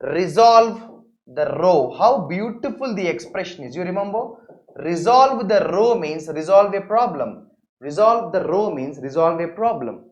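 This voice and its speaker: A woman with an Indian accent teaching an English vocabulary and grammar lesson, repeating each word and often checking "correct?". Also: lowish voice. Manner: repetitive, often asks "correct?" and "my dear friends".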